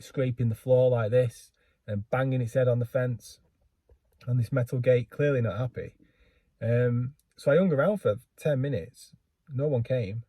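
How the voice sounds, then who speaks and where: Man, casual vlog storytelling, rambling, husky mellow voice. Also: mid-range voice, dry recording. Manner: rambling, self-deprecating, lots of fillers and restarts. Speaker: book vlogger.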